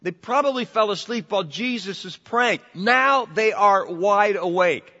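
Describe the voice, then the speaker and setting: Male pastor, sermon delivery, higher voice, animated and emphatic, dull sound with long church echo. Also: unhurried. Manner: animated, repeats words, rises to emphatic peaks.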